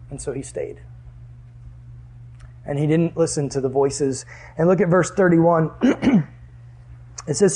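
High-voiced man teaching a Bible class. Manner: animated, asks the class questions. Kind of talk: Bible lesson to a group.

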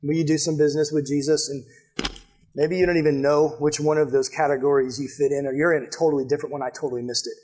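Husky-voiced young man preaching earnestly. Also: fairly high pitch, level tone, fast talker. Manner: earnest, direct, drops to a hushed appeal. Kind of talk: sermon with altar call. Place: church building before a live audience.

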